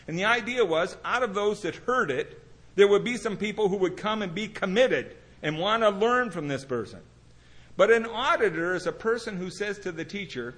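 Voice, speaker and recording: A man's voice: sits high, a bit bright. A man preaching an earnest, conversational sermon, mixing scripture reading with everyday stories. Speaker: pastor.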